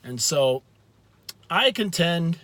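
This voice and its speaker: A man talking earnestly to his viewers in a casual faith talk, with frequent restarts and slow, stressed words. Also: on the high side, big pitch swings, bright, forceful tone, dry recording. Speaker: video host.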